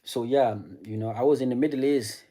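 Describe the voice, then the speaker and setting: On a live stream, a male streamer whose first language is French and who comes from a French-speaking African country chats casually while answering his chat. His medium-pitched voice is mellow and steady in tone, moving fairly quickly, and he often repeats words and restarts sentences.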